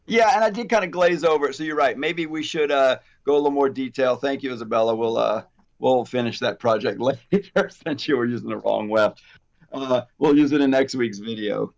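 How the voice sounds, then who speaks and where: Fifties male host, chatty salon educator, rambling and animated, mid-range voice. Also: mid-range voice, fairly quick, creaky. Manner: rambling, animated, self-deprecating, frequent fillers. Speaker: hair extension educator, host. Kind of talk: casual conversational chat.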